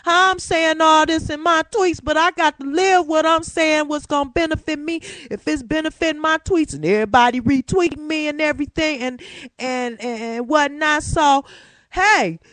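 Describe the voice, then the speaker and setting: Woman host with an African American Vernacular English accent, talking from her room. Slightly high voice, lively and preachy, with street slang. Dry, close sound. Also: no room sound. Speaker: talk show host. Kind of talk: casual religious talk show monologue.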